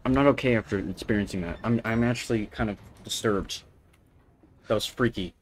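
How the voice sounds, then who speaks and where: Playing a horror game, this young man chatters nervously, addressing the game directly and laughing in anxious little bursts. His voice sits fairly low and moves a little fast, with a faint hiss or hum in the recording.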